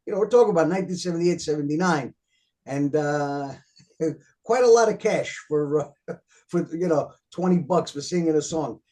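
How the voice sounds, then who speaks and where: Chatty New York man, mellow voice. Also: a little high, moderate pace. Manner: rambling, frequent fillers and repeated words, chuckles often. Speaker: author guest. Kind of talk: casual storytelling interview.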